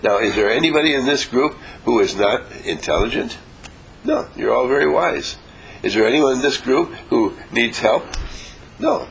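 A man leading a motivational seminar before a live audience, acting out little dialogues and coaxing the room to answer louder. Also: mid-range voice, normal speed, vocal fry, low-quality recording. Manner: animated, acts out little dialogues. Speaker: seminar leader.

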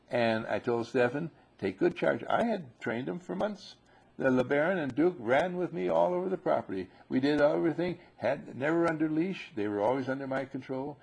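Husky man lecturing with insistent repetition. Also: mid-range voice, darkish tone. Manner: questioning, repetitive, emphatic. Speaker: spiritual teacher. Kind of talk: lecture to a live group.

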